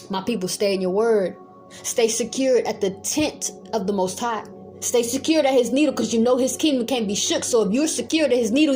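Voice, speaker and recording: A woman Bible teacher, preaching a fiery home sermon that moves from calm talk to yelling with zeal. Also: on the high side. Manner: zealous, swings from calm to yelling.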